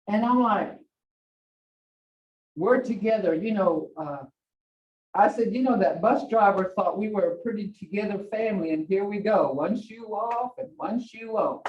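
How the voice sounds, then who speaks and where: An older woman teaches in a slow, unhurried way, chatting through family stories and laughing often. She sounds far from the mic, with a dull, roomy echo around her voice. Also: mid-range voice. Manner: chatty storytelling, laughs often, acts out bossy commands. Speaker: language teacher. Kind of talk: casual classroom teaching. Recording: distant, echoey, dull classroom audio.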